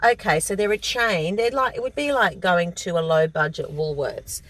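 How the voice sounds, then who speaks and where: A woman with an Australian accent, chatting as a guest comedian in a casual interview, self-deprecating and quick to laugh. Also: fairly low pitch, a bit bright, poor audio.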